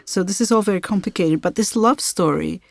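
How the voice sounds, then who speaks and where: A woman hosting a podcast interview, asking questions in a measured, thoughtful way. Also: mid-range voice, vocal fry, dry recording, studio quality. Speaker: podcast host.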